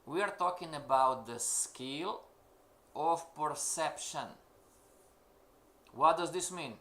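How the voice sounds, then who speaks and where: A man's voice: fairly high pitch, takes it slowly, fairly bright tone. A man teaching a live-streamed trading class, emphatic and questioning, repeating his points to the students. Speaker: forex trading instructor.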